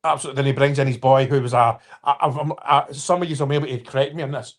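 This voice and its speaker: A man in his fifties with a mid-range, steady voice talks fast while hosting a casual live-stream chat about football. He rambles, restarts himself, apologizes, and addresses viewers by name.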